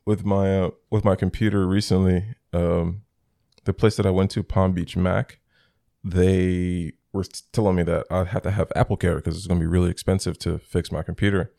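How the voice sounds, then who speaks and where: A young man with a low, gravelly voice tells stories in loose, casual chat. He jumps into the voices of the people he talks about. The sound is close and dry, with no room around it. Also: normal speed, no room sound. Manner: animated storyteller, acts out both sides of phone calls.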